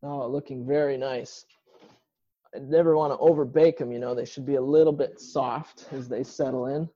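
A man's voice: medium pitch, fairly even intonation, moderate pace, dark tone, muffled recording. A male pastor giving an informal online sermon from a home kitchen, explaining scripture in a conversational way.

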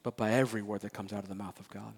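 A man preaching a sermon as pastor of a church, animated and emphatic, often repeating phrases and playfully acting out Bible characters. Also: on the low side, very fast, vocal fry, slightly rough. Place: church sanctuary.

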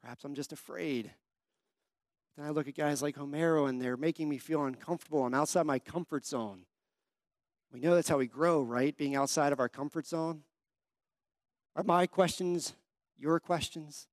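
A young male pastor gives a conversational sermon in a fairly high, bright voice. He tells stories and asks his listeners questions. The sound is dry and close, with hardly any room echo. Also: normal speed, long pauses.

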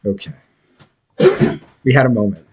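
A man's voice: medium pitch, normal speed, darkish tone, husky, lo-fi sound. A man hosting a podcast, telling rambling, profane stories full of restarts in casual chat. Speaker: podcast host.

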